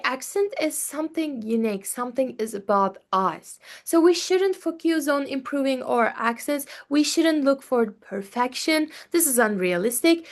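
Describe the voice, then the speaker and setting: Slow, high-voiced young woman presenting. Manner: careful, with many fillers and pauses. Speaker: student presenter. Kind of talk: class presentation.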